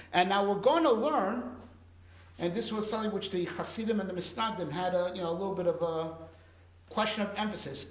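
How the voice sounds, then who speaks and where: Male rabbi lecturer, high voice, animated, roomy echo. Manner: animated, explains with rhetorical questions and fillers. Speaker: rabbi teaching a class. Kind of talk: Torah class lecture.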